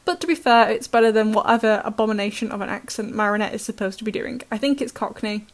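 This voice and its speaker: A woman's voice: medium pitch, quick pace. A British woman recapping a cartoon episode in chatty, sarcastic commentary, laughing often. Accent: British English. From Britain.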